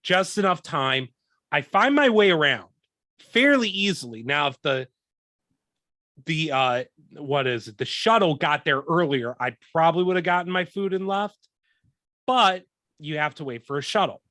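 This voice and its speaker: Bright, animated young man ranting. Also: a little high, normal speed, no room sound, studio quality. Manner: profane, animated, acts out quoted lines. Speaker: podcast host. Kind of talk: casual storytelling rant.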